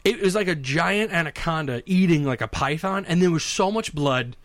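A man's voice: a little high, moderate pace, dry recording. A man telling a story in casual, profane, comedic chat as a podcast co-host. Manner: animated, profane, conversational.

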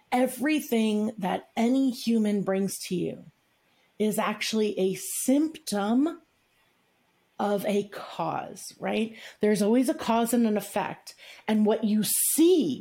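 A woman's voice: medium pitch, dark tone. A woman coaching a client and group, teaching in emphatic, repetitive phrases. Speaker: relationship coach. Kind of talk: coaching session talk.

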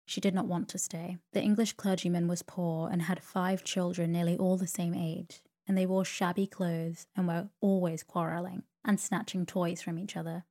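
A woman narrating a sleep story in a slow, soothing reading voice. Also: on the low side, level tone, dark tone.

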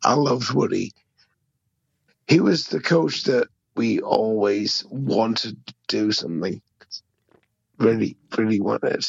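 A hoarse English man with almost no voice left leaves an emotional voicemail, his speech slow and deeply gravelly. His pitch swings widely, and the sound is dull and lo-fi. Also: dry recording. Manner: emotional, swearing fan. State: hoarse, lost voice. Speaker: voicemail caller.

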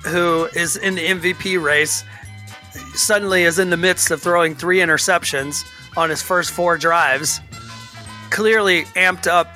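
A man's voice: high voice, unhurried, faint music behind. A man co-hosting a casual sports podcast, ranting with lots of restarts and stammers. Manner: animated, ranting, frequent restarts. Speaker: podcast co-host.

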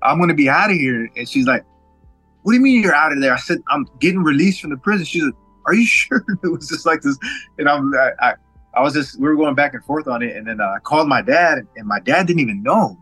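Fast, bright-voiced man telling his story. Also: mid-range voice, husky, dry recording, soft background music, low-quality recording. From Washington State, USA. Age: 40s. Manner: animated, acts out others' quoted lines, frequent stammered restarts. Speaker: guest. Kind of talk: personal storytelling.

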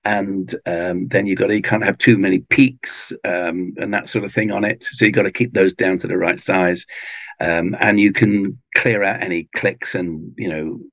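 A man with an English accent, chatting in an interview in a relaxed, rambling way with many ums and restarts. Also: low voice, moderate pace, vocal fry, dry recording, lo-fi sound. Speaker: audiobook narrator guest. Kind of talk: casual interview chat. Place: home garage booth with foam pads.

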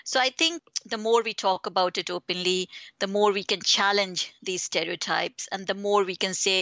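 Bright-voiced woman author, earnest. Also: medium pitch, moderate pace, few pauses, dry recording, lo-fi sound. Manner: earnest, reflective, builds points in steady lists. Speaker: author being interviewed. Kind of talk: thoughtful interview answers.

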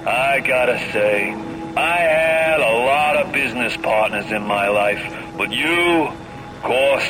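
A man's voice: medium pitch, slow pace, over music, natural voice. An actor with a New York accent playing a smug, scheming male crime boss in a video game, with a drawling tough-guy delivery. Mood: gloating. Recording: game audio with noisy background hum.

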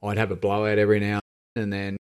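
A low-pitched Australian man speaks as a podcast guest. His telling is candid and reflective, and he often breaks off and restarts mid-thought. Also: completely flat delivery, clear, resonant tone. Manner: reflective, halting, with frequent restarts. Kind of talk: candid personal storytelling.

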